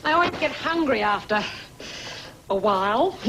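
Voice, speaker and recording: A woman playing a dry, unimpressed wife trading deadpan retorts in a sitcom. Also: high voice, very noisy, heavily acted.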